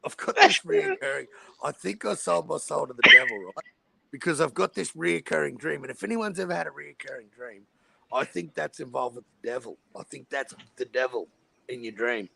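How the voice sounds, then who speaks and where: Gravelly, rowdy Australian man. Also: fairly high pitch, very animated, brisk, crowd noise. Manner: rowdy, swearing, storytelling. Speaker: podcast host. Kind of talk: casual chat.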